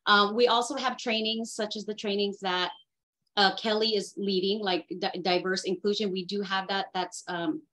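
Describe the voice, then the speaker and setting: A woman on a video call, talking in a halting, earnest way with many fillers and restarts during a group discussion. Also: mid-range voice, fairly even intonation, fairly bright tone, poor audio. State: getting emotional. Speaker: workshop participant.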